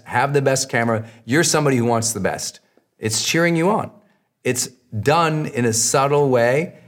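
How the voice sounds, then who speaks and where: Emphatic man coaching on a podcast. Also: mid-range voice. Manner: emphatic, repetitive coaching delivery. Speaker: podcast host, marketing coach. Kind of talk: solo podcast answering listener questions.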